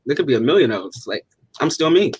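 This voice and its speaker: A man's voice: mid-range voice, very animated, fast, husky. A young man on a discussion panel who tells stories casually, filling his speech with uh and like. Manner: casual storyteller, many fillers like uh and like.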